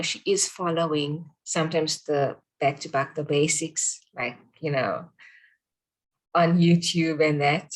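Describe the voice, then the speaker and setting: Low-voiced woman, hesitant. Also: rough recording. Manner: hesitant, many ums and self-corrections. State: morning voice. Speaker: class participant sharing news. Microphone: video call.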